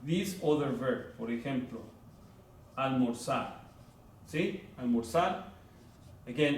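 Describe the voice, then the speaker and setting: A man with a mid-range voice teaches a Spanish grammar lesson in a classroom, speaking slowly and deliberately. He repeats words and checks in with "right?" and "okay?". The room is echoey, his voice sounds distant, and there's faint background noise.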